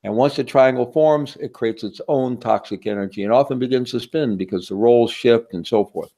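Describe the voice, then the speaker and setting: A workshop speaker with a mid-range, dark-toned voice delivers a teaching talk fairly quickly. He keeps it conversational, often checking in with the audience by asking "right?"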